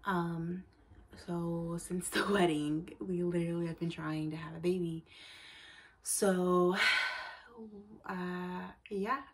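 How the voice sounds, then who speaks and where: A woman's voice: lowish voice, fairly even intonation, takes it slowly. A young woman vlogging to her camera in a casual chat. She sounds tired and a little out of breath, uses lots of fillers and often drops to a whisper.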